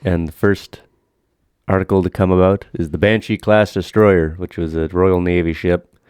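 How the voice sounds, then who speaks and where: Deep-voiced joking podcast guy. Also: fairly even intonation, normal speed, a little mellow, smooth, no room sound, clean studio sound. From Canada. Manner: crude, profane and joking, explains things at length. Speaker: podcast co-host. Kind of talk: casual chat.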